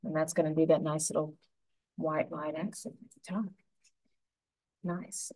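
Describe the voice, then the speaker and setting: A woman with a low, mellow voice leads a painting lesson step by step. She talks gently and without hurry, narrating each brushstroke as she makes it. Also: level tone, low-quality recording. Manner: gentle, unhurried, talking through each brushstroke. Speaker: painting instructor.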